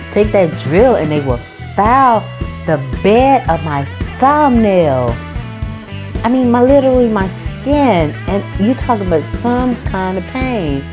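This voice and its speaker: A woman chatting casually in a nail vlog, rambling through a story with restarts and self-corrections. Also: mid-range voice. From North Carolina, USA. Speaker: nail vlogger. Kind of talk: casual chat. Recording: background guitar music.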